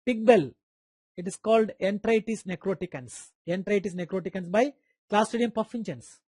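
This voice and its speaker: A man's voice: high voice, a little mellow, no echo. A man with an Indian English accent giving an online medical lecture, quizzing students by name and repeating key terms.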